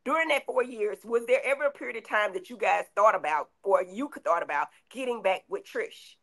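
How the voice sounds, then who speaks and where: A woman's voice: medium pitch, a little fast, creaky, a bit bright. A woman in her fifties, co-hosting and asking probing interview questions in a chatty way. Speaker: co-host.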